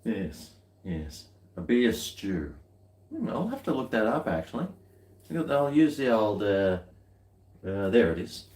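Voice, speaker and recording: A man's voice: fairly low pitch, big pitch swings, slow, darkish tone, reverberant. An Australian man chatting casually while tasting beer, rambling along with dry, muttered asides.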